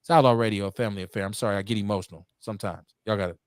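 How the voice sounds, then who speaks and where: A man's voice: lowish voice, very fast, smooth, dry recording, studio quality. Fiery, swearing male radio host. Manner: fiery, preachy, swings between shouting and muttering, swears freely. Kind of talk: impassioned call-in radio talk.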